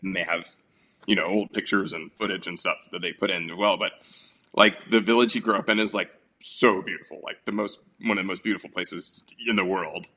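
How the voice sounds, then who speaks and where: Chatty bright-voiced man reviewing films. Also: low voice, fairly even intonation, a little fast, slight background noise. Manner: rambling, filler-heavy storytelling. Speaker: podcast host. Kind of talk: casual movie review chat.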